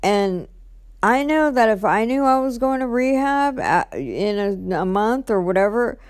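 A woman's voice: a little high, lively intonation, a little slow, no room sound, clean studio sound. A woman telling an emotional personal story in a rambling way, often repeating "I'm like" and trailing off. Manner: restarts and trails off, quiet at times. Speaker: vlogger.

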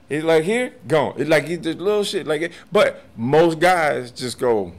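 On a podcast, a martial arts master aged forty-plus tells stories at a moderate pace in a slightly high voice, barely pausing. He is lively and profane and laughs frequently during the casual chat.

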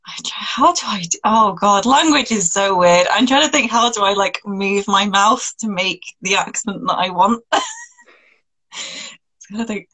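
A woman's voice: mid-range voice, measured pace, pushed and bright, slightly rough, low-quality recording. A woman guest in a casual interview, bashful and amused. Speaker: musician guest.

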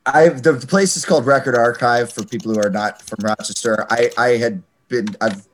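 A male podcast host at a middling pitch, chatting loosely. He rambles, swears freely and jokes at his own expense. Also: brisk. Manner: rambling, swears a lot, self-deprecating. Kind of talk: casual chat.

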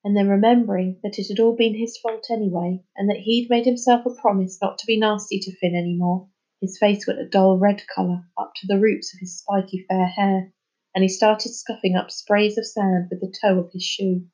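A woman reading a children's storybook chapter aloud, lifting her voice for the characters' lines. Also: normal speed. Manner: lively, voices the children's lines higher and louder. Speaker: reader. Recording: slightly dull, lo-fi sound.

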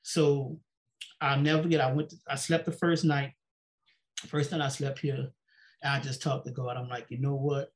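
A man's voice: medium pitch, level tone, moderate pace, long pauses. A pastor telling his personal story in an interview, repeating "she said" and acting out the dialogue. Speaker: pastor and guest. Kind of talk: personal testimony in a sit-down interview.

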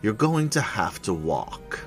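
A man's voice: lowish voice, big pitch swings, takes it slowly, faint music behind. A man voicing an annoyed, proud female red dragon who answers curtly. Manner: curt, weary sighing.

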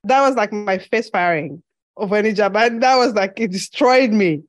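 A woman's voice: medium pitch, normal speed, dry recording. A woman from Zambia with a slight lisp, a podcast guest telling her story in an earnest, reflective way in a casual interview.

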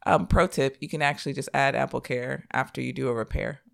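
Gravelly-voiced young woman, chatty. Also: rumbling low, fairly quick. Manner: chatty, quotes people in animated voices. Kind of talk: casual storytelling chat.

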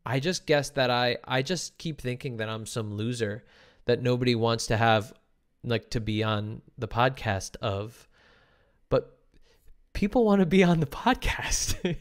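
A man hosting a casual podcast stream, talkative and quick to laugh, explaining ideas at length. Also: mid-range voice. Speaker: podcast host. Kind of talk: casual livestream chat.

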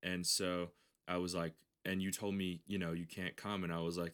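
A man's voice: low voice, flat delivery, normal speed, a bit bright. A man co-hosting a podcast in casual, crude chat, rambling with many restarts and often laughing. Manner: rambling, laughs often, acts out quoted voices. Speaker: podcast co-host.

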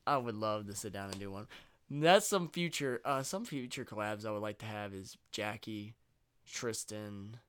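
Laid-back podcast host, smooth and clear, casual and profane. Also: male voice, lowish voice, normal speed, a bit bright. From Virginia, US. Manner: laid-back, swears freely, drawls "y'all". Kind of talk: casual chat.

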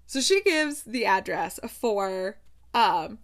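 A woman vlogging about a book she loves, retelling the story with excitement and reading passages aloud. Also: mid-range voice, takes it slowly. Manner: gushing, retells scenes with excitement.

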